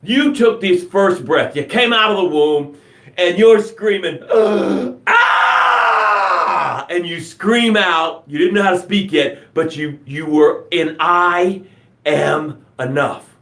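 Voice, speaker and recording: A man's voice: high voice, a little slow, fairly bright tone, reverberant. A man hosting a live motivational broadcast, talking with enthusiasm and a preachy, joking manner. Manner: enthusiastic, preachy, jokes and laughs at himself. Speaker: motivational show host.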